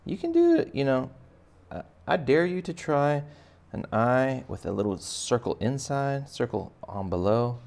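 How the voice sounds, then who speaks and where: A man's voice: mid-range voice, very animated, unhurried, vocal fry, hardly any pauses, a little mellow. A man teaching kids to draw, chatting casually and making joking asides while he sketches. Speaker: art teacher. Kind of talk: casual drawing tutorial for kids.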